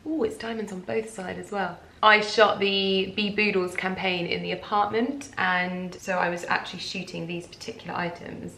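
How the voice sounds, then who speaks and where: A woman, gushing and excitable as she chats through a casual unboxing vlog at home. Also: medium pitch, slight background noise. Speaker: lifestyle vlogger. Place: home, indoors. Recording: roomy home recording.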